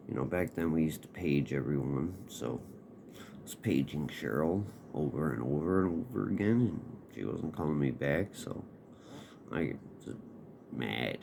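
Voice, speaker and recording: A man's voice: very deep voice, vocal fry, warm tone. A man casually telling a personal story in a laid-back, profane, rambling way. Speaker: podcast host. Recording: noisy background hiss.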